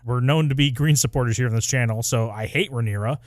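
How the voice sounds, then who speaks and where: A man's voice: medium pitch, fast talker, no room sound, clean studio sound. A man co-hosting a casual podcast, rambling and hesitant as he ranks characters, with a playful edge. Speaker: podcast co-host. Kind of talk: casual chat.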